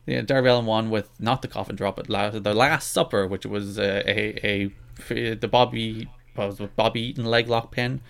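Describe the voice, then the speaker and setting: Man chatting fast with restarts. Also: fairly low pitch, fairly even intonation, gravelly, fairly bright tone. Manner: quick, self-interrupting talk with frequent restarts. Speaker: podcast co-host. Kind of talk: casual chat.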